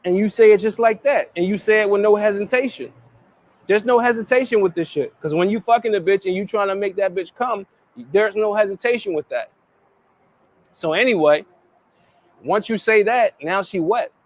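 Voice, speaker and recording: A man's voice: sits high, moderate pace. A man giving blunt, crude dating advice in a played clip. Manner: blunt, crude, swearing freely.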